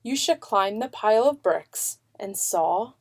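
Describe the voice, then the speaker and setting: Woman, storybook narrator, slow pace, expressive, mid pitch. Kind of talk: children's picture book reading.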